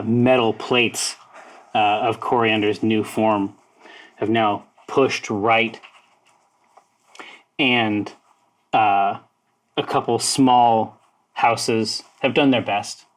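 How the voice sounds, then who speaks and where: A man narrating a tabletop game as game master, in halting speech full of fillers. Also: mid-range voice, rough recording. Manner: halting narration with many fillers, breaks into laughter.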